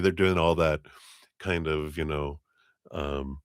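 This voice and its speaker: A man reading tarot cards on a live stream, talking in a relaxed, meandering way with many fillers and now and then raising his voice to act out spirit voices. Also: unhurried, clean tone, no echo, studio quality. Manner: acts out spirit voices in a raised pitch, laughs often. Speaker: tarot reader.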